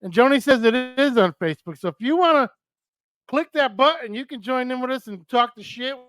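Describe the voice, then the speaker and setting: A man's voice: extremely high pitch, expressive, fairly quick, fairly bright tone, no echo. An older man from New hosting a live radio stream, chatting loosely and cursing with a friend. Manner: loose, profane, joking. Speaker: radio show host. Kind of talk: casual live-stream chat.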